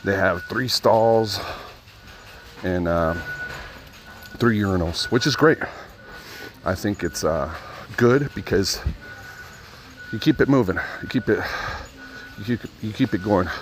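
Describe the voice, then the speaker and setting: Man, low voice, casual profane vlogger talking into a phone at his ear inside a store. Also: measured pace, long pauses. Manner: rambling, profane storytelling. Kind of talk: casual vlog monologue while out shopping. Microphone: phone held to his ear.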